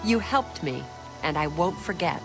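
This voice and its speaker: A woman's voice: sits low, animated, moderate pace, music in the background. A woman voicing a blunt, earnest female orc knight in a video game, speaking in plain, simple sentences.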